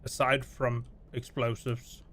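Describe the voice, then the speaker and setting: A man's voice: mid-range voice, little pitch movement, slow pace, fairly bright tone. A man streaming a game, casually commenting and muttering playfully to himself with silly beeping noises.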